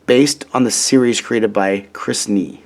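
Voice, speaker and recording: A man reading a children's storybook aloud in a gentle, deliberate way. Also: on the low side. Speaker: storybook reader.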